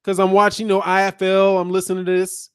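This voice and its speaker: A man's voice: sits high, completely flat delivery, quick pace, smooth, no room sound, studio quality. Joking American man reading comments. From United States. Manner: laughing often, loose and joking. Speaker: channel host. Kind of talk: casual chat reading live comments.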